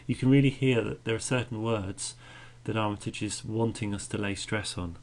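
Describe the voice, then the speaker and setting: Male teacher, low gravelly voice, patient podcast poetry lesson. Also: steady tone, brisk, few pauses, darkish tone. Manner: explains patiently, beats out stresses aloud.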